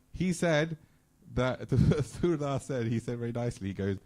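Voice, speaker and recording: A man at a temple festival telling devotional stories, acting out the dialogue with animated energy. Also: mid-range voice, moderate pace. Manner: animated storyteller, acts out dialogue. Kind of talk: storytelling talk. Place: temple hall.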